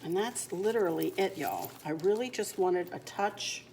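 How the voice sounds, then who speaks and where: A woman's voice: fairly low pitch, normal speed, gravelly, darkish tone, slight background noise. A woman chatting homily through a decorating tutorial in her kitchen, laughing easily as she works. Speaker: home decor vlogger. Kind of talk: casual crafting tutorial chat. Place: home kitchen.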